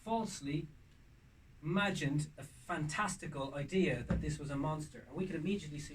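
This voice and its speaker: A man doing stand-up comedy, animated, with bursts of loud shouting when acting out scenes. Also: mid-range voice, fast talker. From Ireland. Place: castle room with live audience. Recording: distant mic, audience noise.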